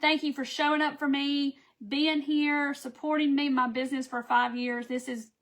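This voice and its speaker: Chatty high-voiced woman. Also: level tone, moderate pace, fairly bright tone. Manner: chatty and affectionate, reads viewer names aloud. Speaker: craft seller hosting a live video. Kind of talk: casual live-stream chat.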